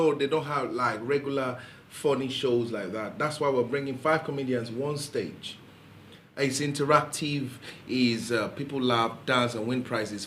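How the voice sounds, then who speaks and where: A man, a comedian guest promoting his shows in lively, jokey chat. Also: mid-range voice, reverberant, slight background noise. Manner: energetic, jokey, laughs often.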